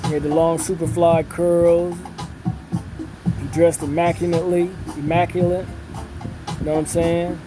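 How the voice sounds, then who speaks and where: Middle-aged man telling a long story in a slow, filler-heavy drawl, voice sitting a little high, music under him. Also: level tone, rough recording. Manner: unhurried storyteller with a drawl, many fillers and repetitions. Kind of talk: casual storytelling. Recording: music playing in the background.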